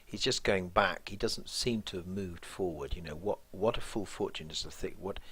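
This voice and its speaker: A man teaching, walking through a play line by line in a thoughtful, musing way, often pausing and restarting. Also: low-pitched, fairly bright tone, husky.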